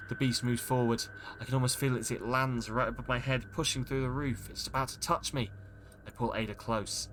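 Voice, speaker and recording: A man's voice: medium pitch, steady tone, fairly quick, fairly bright tone, slight background noise. A man streaming a game, reading its text aloud in a dramatic way and breaking off with startled exclamations. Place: home streaming setup.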